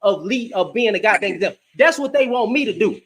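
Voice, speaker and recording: A man's voice: high-pitched, animated, quick pace, a bit bright. A young man hosting a heated live debate, ranting fiercely and cursing freely. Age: young adult. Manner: fiery, profane, ranting.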